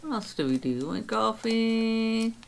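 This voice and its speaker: A woman's voice: fairly high pitch, animated, takes it slowly, creaky, a little hiss or hum. A woman in her sixties chatting casually on her vlog, counting her savings aloud and telling stories of her week. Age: 60s. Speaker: vlog host. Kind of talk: casual chat.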